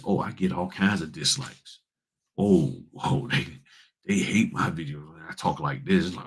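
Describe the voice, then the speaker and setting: Deep husky guy on a livestream, blunt and folksy, talking straight to the chat. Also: normal speed. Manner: blunt, folksy and animated, often addressing viewers as y'all. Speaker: notary public and livestream host. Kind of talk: casual livestream talk to viewers.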